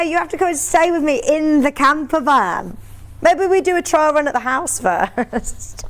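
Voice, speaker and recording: Bubbly, chatty woman selling fabric on TV. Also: sits high. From United Kingdom. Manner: chatty and bubbly, laughs often. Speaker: shopping channel presenter. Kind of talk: live TV sales pitch.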